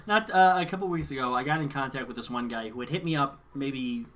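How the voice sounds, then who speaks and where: A man's voice: medium pitch, brisk, a bit bright. A man co-hosting a casual podcast, telling a rambling story with frequent laughter. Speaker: podcast co-host. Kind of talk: casual chat.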